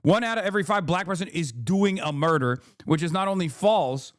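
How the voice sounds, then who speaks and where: Male streamer, 30s, fairly high voice, punchy argumentative commentary, casual swearing. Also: lively intonation, a little fast, no echo, studio quality. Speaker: streamer reacting to a debate clip.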